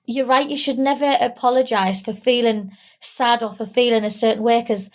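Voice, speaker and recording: A young woman from England, tearful, talking candidly and haltingly with small giggles in an interview. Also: a little high, fairly even intonation. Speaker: guest. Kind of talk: emotional interview.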